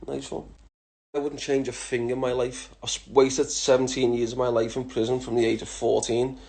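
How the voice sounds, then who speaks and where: A man's voice: mid-range voice, little pitch movement, normal speed, gravelly, a little mellow. A man in his thirties with a Liverpool accent, answering follower questions in a blunt, laughing, heavily swearing chat. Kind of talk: casual Q&A chat.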